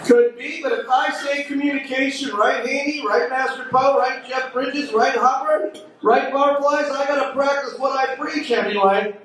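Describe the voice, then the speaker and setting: A loud, teasing male stand-up comedian on a club stage, his voice sitting unusually high. The recording is distant and heavily echoey, with noticeable background noise and audience laughter. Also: steady tone, normal speed.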